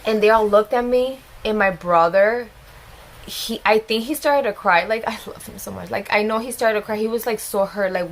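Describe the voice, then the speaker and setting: A woman's voice: mid-range voice, normal speed. Young woman doing a story time, super chatty and emotional, lots of oh my god energy. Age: young adult. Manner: chatty and emotional, often exclaiming. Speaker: vlogger. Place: at home with a small child.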